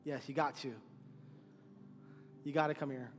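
Emotional pastor in a reverberant church. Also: male voice, mid-range voice, flat delivery, moderate pace. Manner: earnest, emotional, repeats phrases. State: holding back tears. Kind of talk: sermon prayer and farewell tribute. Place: church sanctuary.

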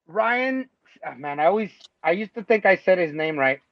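A man hosting a casual sports podcast, talking loosely and excitably, swearing freely and laughing often. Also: high-pitched, moderate pace, no echo. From Mexico. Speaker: podcast host. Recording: dull lo-fi sound, dry.

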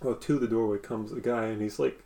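A man's voice: lowish voice, fairly even intonation, brisk, vocal fry, dark tone. A man narrating a tabletop game as game master, hesitant and giggly. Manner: hesitant, with frequent fillers and giggles.

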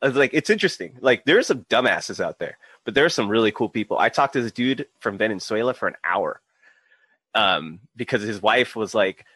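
A man in his thirties hosts a casual podcast and tells stories in a low, easygoing voice. He swears freely and slips into quick impressions of the people he quotes. The sound is close and dry, with no room around it. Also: animated, a bit bright, husky, no echo. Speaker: podcast host. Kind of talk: casual podcast chat, storytelling.

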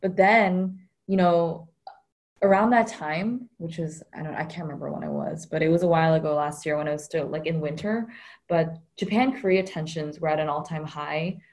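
A woman speaking as a guest in a relaxed interview, chatty and reflective. Her voice sits a little low, and she fills her pauses with lots of ums and likes. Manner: chatty, many fillers, reflective. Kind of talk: casual conversational interview.

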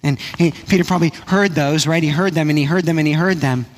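A pastor with a slightly high voice preaches a sermon conversationally, repeating phrases often and tossing in "right?" asides. For emphasis, he drops into a hushed, slow voice.

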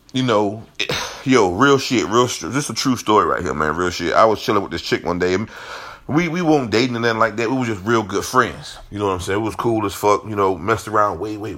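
A man's voice: fairly low pitch, fairly bright tone. A man telling a rambling, profane story in a casual monologue.

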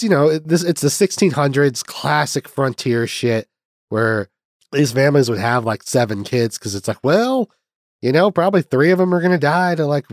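A man's voice: medium pitch, no echo, studio quality. A man casually reviewing a film, rambling with lots of fillers and restarts and the odd swear word.

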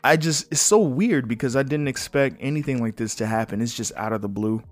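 A man's voice: mid-range voice, brisk, faint music behind. A man hosting a solo podcast in casual chat. He rambles and jokes in a loose, candid way, full of fillers and the odd swear. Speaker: podcast host.

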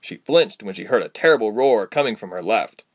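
Lively low-voiced male storyteller. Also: a little fast. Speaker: narrator. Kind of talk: audiobook narration.

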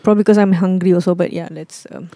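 A young woman with a Malaysian English accent, co-hosting a podcast in blunt, animated casual chat, swearing and slipping into Malay. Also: fairly low pitch, quick pace, no room sound. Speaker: podcast co-host.

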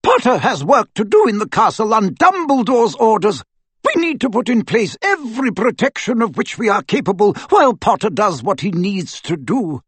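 A man's voice: high voice, very animated, moderate pace, a bit bright, breathy edge, no echo, voice pushed up, exaggerated voice. A man voicing a stern, bitter old witch professor. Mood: grim, commanding.

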